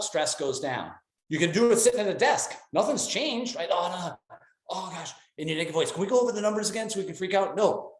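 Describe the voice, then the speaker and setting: A middle-aged man giving an enthusiastic, animated motivational talk on a live call. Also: fairly high pitch, roomy sound. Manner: enthusiastic, animated, jumps between voices for quotes. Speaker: motivational speaker.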